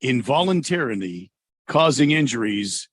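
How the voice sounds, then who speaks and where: A man co-hosting a sports radio show, tossing in quick, joking banter in casual talk. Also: medium pitch, animated. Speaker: radio co-host.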